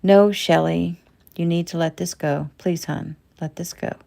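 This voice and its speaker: A woman voicing a calm, firm husband refusing his wife's request. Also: fairly low pitch, unhurried, creaky. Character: steady husband and father.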